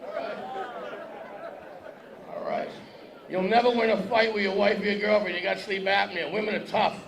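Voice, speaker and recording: This man's high-pitched, creaky voice has fairly even intonation and a normal pace. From a podium on an event hall stage, he teases a live audience during a brash comedy set. The recording sounds echoey, with crowd noise.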